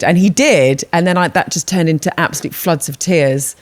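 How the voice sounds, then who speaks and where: A woman's voice: lowish voice, normal speed. A British woman in her thirties, a podcast co-host chatting casually and acting out quoted lines as she tells stories. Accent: British English. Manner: animated storyteller who acts out quoted dialogue and laughs often. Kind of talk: casual chat.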